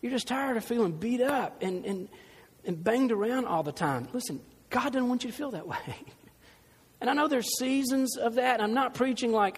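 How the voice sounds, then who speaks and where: A pastor delivers a sermon in a chatty, easygoing way, slipping into funny asides. His voice sits high for a man and has a husky edge. The sound carries a long reverb, as in a large church sanctuary. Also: moderate pace. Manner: conversational preaching with humor and asides.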